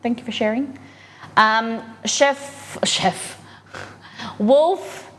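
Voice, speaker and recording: Cooking at home for her live stream, this woman keeps up bright, friendly chatter and reacts to what her viewers type. Her mid-range voice has lively intonation and a slightly slow pace, with a little hiss or hum underneath.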